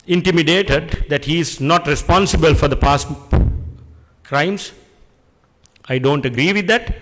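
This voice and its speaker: A middle-aged man, giving an earnest, deliberate speech at an industry function and posing rhetorical questions. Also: a little high, a bit bright, in a large hall. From Sri Lanka. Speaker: public speaker addressing an industry function. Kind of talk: speech at an event. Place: function hall.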